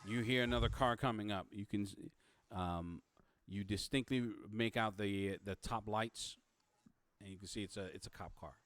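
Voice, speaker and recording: A man narrating a tabletop game as game master, halting, with many fillers and restarts. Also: on the low side, fairly bright tone.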